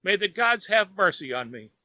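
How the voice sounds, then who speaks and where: A man's voice: high voice, normal speed, pushed and bright, voice pushed up. A man voicing a lazy, miserly old man who wails and pleads in fear, in a children's audiobook. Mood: wailing despair. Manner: whining, wailing pleas. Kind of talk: audiobook character voice.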